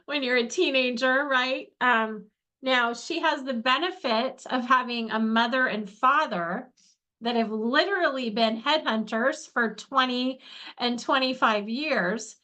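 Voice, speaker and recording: Woman, middle-aged, fairly high voice, casual workshop host, earnest, chatty, asks the audience questions, video-call mic. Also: unhurried, sharp tone. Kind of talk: casual faith-based workshop talk.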